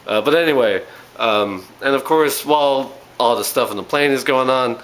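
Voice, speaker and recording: A man's voice: medium pitch, moderate pace, fairly bright tone, slight background noise, poor audio. A man giving a casual spoken movie review, rambling along with frequent ums and uhs.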